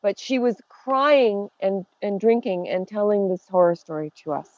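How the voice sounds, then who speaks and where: Older woman guest, chatty storyteller, mid pitch, dry close sound. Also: normal speed, no room sound, rough recording. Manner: gossipy, animated storyteller who laughs often. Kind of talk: casual chat. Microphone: remote call.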